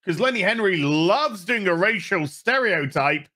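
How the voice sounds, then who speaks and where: A man's voice: high voice, expressive, measured pace, hardly any pauses, bright, forceful tone. A man with a Yorkshire accent ranting sarcastically through a TV episode review, swearing often. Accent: Yorkshire English. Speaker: TV review vlogger.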